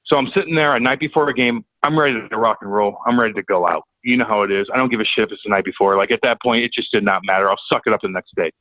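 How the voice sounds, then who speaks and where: A man telling a profane, animated story as a podcast guest. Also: on the low side, very fast, few pauses, dry recording, phone-quality sound. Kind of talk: casual storytelling.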